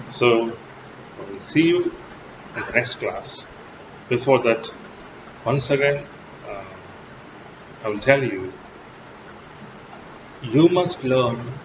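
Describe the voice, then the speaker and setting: A male lecturer in English, a first-language Telugu speaker, gives a college lecture that was recorded on dull lo-fi audio with steady background noise. He teaches deliberately and emphatically, with abrupt pitch jumps highlighting key words.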